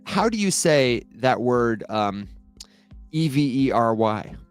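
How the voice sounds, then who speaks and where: A man's voice: mid-range voice, sing-song, slow, smooth, no room sound, soft background music. A man co-hosting a casual crypto chat, friendly and chatty, often restarting his words. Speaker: co-host.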